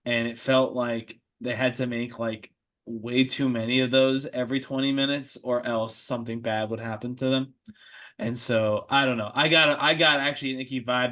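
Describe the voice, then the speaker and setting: A man's voice: mid-range voice, fairly even intonation, moderate pace, sharp tone. An American man hosting a podcast in casual chat. He is easygoing, laughs often and restarts his sentences. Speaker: podcast host.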